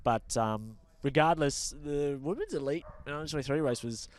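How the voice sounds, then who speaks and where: An Australian man co-hosting a cycling show, talking in an energetic, chatty way with lots of fillers. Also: on the high side, moderate pace. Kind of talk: casual sports chat.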